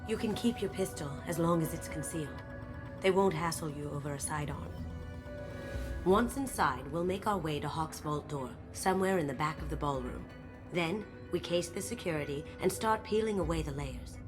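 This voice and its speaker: A sly young thief in a game, with a low, husky-toned register for a woman and a cocky, playful way of talking. Game music plays faintly behind her. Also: lively intonation, moderate pace, long reverb tail. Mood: scheming. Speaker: game character. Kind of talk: video game voice acting.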